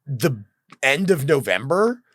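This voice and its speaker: Male comic guest, expressive storyteller who does the voices, swinging pitch. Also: takes it slowly, no echo, clean studio sound. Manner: animated, acts out quoted voices. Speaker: comedian guest. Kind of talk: casual podcast storytelling.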